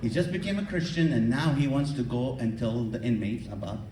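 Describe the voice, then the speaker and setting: A man doing stand-up comedy, teasing the audience in an animated way, recorded live from the crowd. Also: medium pitch, brisk, recorded from a distance, background noise. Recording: echoey hall taped from the audience. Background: audience laughter.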